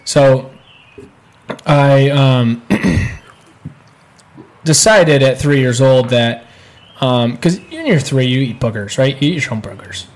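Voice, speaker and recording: A man's voice: mid-range voice, takes it slowly, long pauses. Guy on a podcast rambling thru a story, chuckling, pretty average voice, just chatting. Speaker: podcast co-host. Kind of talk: casual chat.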